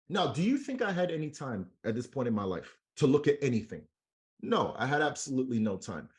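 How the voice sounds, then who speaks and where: A young man giving a motivational training talk as an MLM trainer, telling a personal story in a slangy, animated way and acting out the dialogue. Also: mid-range voice, brisk.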